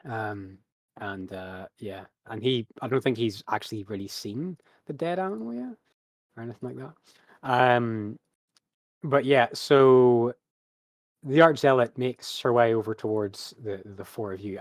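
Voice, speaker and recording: A man's voice: mid-range voice, moderate pace, no room sound. A man narrating a tabletop game as game master, rambling with many fillers.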